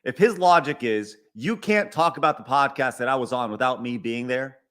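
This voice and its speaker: A man's voice: medium pitch, normal speed, fairly bright tone. A middle-aged man hosting a live stream, reading viewer donations and ranting with exasperation, repeating himself, stumbling over words and swearing. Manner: stutters and restarts often. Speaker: podcast host. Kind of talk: live-stream rant reading super chats.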